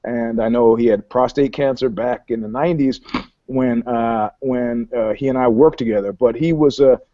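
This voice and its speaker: A man co-hosting a casual podcast, telling stories in an animated, boastful way, laughing often and swearing. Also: mid-range voice, moderate pace, no room sound. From New York. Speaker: podcast co-host. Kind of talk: casual chat, storytelling. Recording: dull lo-fi audio, dry.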